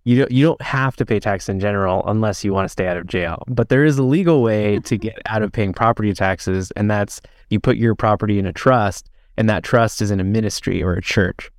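A man's voice: fairly low pitch, fairly quick, hardly any pauses, no room sound, studio quality. A man in a casual podcast chat, laid-back and crude, joking dryly.

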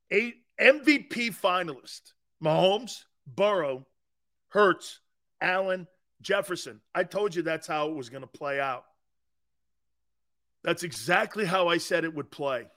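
A man's voice: high voice, pushed and bright. A man hosting a sports talk show, delivering a brash, opinionated monologue that rambles and repeats its points.

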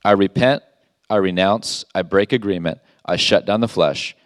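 A man's voice: low-pitched, moderate pace, dry recording, studio quality. Emphatic male pastor preaching. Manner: emphatic, rhetorical questions, reads scripture aloud. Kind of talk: sermon.

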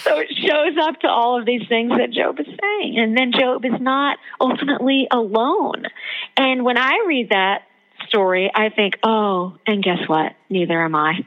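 A woman guest talks with lively, emphatic energy, her voice sitting somewhat high. The audio is dull and lo-fi, like a modest podcast setup. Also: moderate pace. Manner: animated, emphatic storytelling. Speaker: guest author and theologian. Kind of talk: podcast interview.

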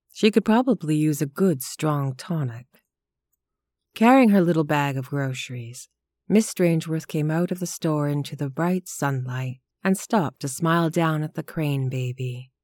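A woman narrating a short story in a measured, even reading. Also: low voice, no room sound, studio quality. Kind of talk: scripted audiobook narration.

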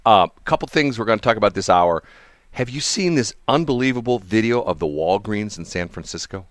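A man's voice: lowish voice, fairly quick, no room sound, clean studio sound. A man hosting a radio morning show, chatting casually and rambling, with frequent laughs. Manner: animated, rambling, laughs often. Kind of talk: casual on-air chat.

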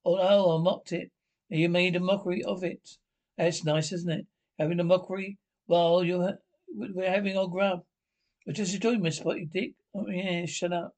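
British man, high-pitched, blustering army comedy orders. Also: level tone, moderate pace, a little mellow. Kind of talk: 1970s British film comedy acting.

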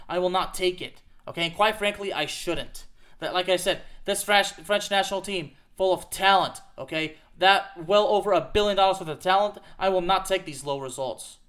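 A man's voice: sits high, fairly bright tone. A man hosting a show, delivering an emphatic, repetitive rant about soccer and peppering it with "okay?". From United States. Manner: emphatic, repetitive, fired-up ranting with frequent "okay?". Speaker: podcast host. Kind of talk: ranting soccer commentary.

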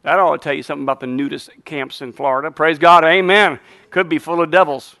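A man pastor preaching a fiery sermon in a church, his voice high and bright. He leads the crowd in call-and-response and drops joking asides, with a dry sound close to the mic. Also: steady tone, fast talker, no echo.

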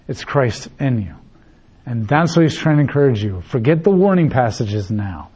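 A man's voice: medium pitch, warm tone, breathy edge, lo-fi sound. A male pastor preaching a sermon emphatically, repeating key phrases and acting out short dialogues.

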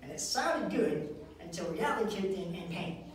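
A male comedian tells stories on stage with a lively delivery. His voice sits high and bounces up and down as he talks. It is caught by a distant mic and echoes strongly around the room. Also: normal speed, crowd noise. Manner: animated storytelling with voices. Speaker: stand-up comedian. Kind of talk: stand-up comedy set. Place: live comedy venue.

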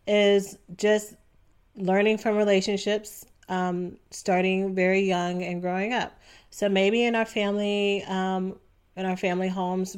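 A young adult woman hosting a solo podcast, talking casually and relaxed, with frequent ums. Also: medium pitch, smooth. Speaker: podcast host.

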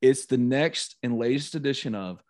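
A middle-aged man hosting a casual sports podcast, telling stories animatedly with dramatic, shouted re-enactments. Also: mid-range voice, moderate pace. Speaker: podcast host.

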